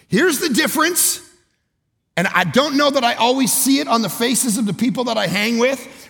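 A man from Canada preaching a sermon, moving between hushed storytelling and loud shouting, with a gravelly voice. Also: very high voice, expressive, normal speed. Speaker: pastor. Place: church auditorium. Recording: long reverb of a large hall.

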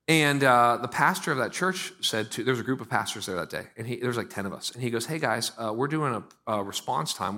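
A middle-aged male pastor preaching a sermon in a conversational way, with strong swings between loud and quiet. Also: medium pitch.

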